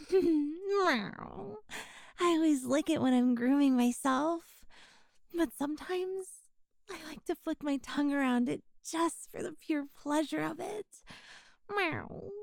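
A woman voicing a lonely, clingy stray catgirl in an intimate audio role-play, meowing between sentences with soft sighs. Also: high voice, no echo, studio quality, full character voice. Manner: meows between sentences, breathy sighs, flirty and playful.

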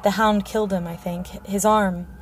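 A woman reading the part of a frightened young noble girl, speaking in a shaken, halting way. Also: mid-range voice, fairly even intonation, slight background noise, close to an everyday voice.

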